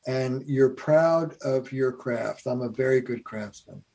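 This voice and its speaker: A man's voice: medium pitch, slow, vocal fry. A man, a family therapist, telling stories in a podcast conversation, with lots of "uh" fillers. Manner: animated storyteller, many fillers.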